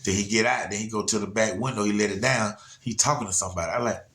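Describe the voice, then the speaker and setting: A man's voice: lowish voice, fast talker, fairly bright tone. A man telling a story casually to viewers, rambling and laid-back, often checking in with "you know what I'm saying". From Atlanta area, USA.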